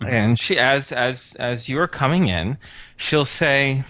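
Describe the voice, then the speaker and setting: Game master: a man, laid-back narration with ums, middle pitch. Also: takes it slowly, no room sound. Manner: relaxed narration with fillers.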